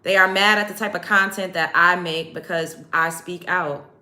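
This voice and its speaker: Woman, livestream host, heated rant, profane, emphatic, sharp bright tone. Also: on the low side, normal speed. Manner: emphatic, profane, animated retelling. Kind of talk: heated storytelling rant to a live chat.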